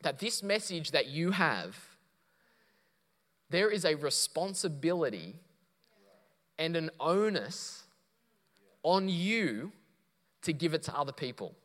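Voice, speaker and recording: Man, pastor, sermon, storytelling, emphatic, higher voice, church hall reverb. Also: animated, slow pace, long pauses, a bit bright. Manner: quotes others in a lowered voice, then builds to emphatic preaching. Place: church auditorium.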